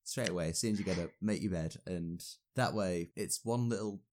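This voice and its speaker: A man's voice: low voice, brisk, a little mellow. A young man, a university student, chatting casually and rambling a little with fillers. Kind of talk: casual podcast chat.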